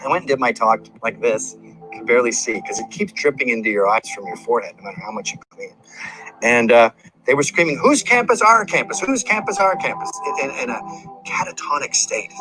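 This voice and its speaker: A man telling a story in an interview, animated and acting out voices and sounds. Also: mid-range voice, fast talker, music in the background, rough recording.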